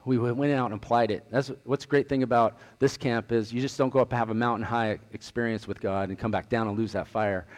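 Man giving a talk in a reverberant hall. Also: lowish voice. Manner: earnest, storytelling, retells dialogue. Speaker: outreach director. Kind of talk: presentation talk with slides.

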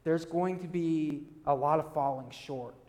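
A male pastor preaching a sermon, earnest, swinging between loud emphasis and quiet low asides. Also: unhurried, big-room sound.

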